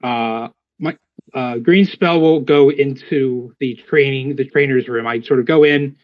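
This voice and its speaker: A man's voice: medium pitch, unhurried. A man playing in a tabletop game, chatty and rambling, often interrupting himself. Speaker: player. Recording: dry, dull lo-fi sound.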